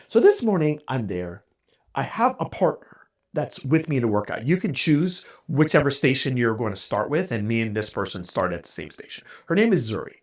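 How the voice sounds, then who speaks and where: A man's voice: medium pitch, big pitch swings, normal speed. Male podcast host with a mid-range voice and plenty of swing, candid and self-deprecating. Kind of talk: casual storytelling monologue.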